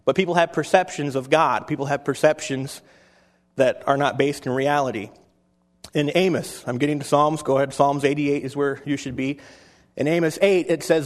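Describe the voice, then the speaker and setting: A man's voice: a little high, steady tone, normal speed, long reverb tail. A man preaching a sermon to his congregation in an easy, conversational way, reading Bible passages aloud between remarks. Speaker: pastor.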